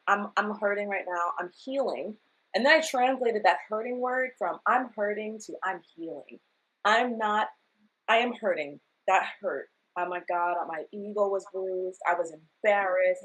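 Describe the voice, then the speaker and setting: Lady guest on a chat podcast, kinda low voice, pours out her story and does little voices of her old self. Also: poor audio. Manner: emotional, confessional storytelling; acts out her past self in quotes. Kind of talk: candid casual chat.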